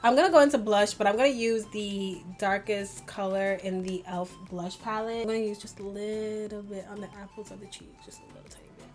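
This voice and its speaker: A woman's voice: mid-range voice, a little fast, few pauses, soft background music. A young woman chatting through a makeup tutorial, rambling and peppered with "like", laughing at herself as she goes. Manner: rambling, chatty, heavy use of "like". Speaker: beauty vlogger. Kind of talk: get-ready-with-me makeup tutorial chat.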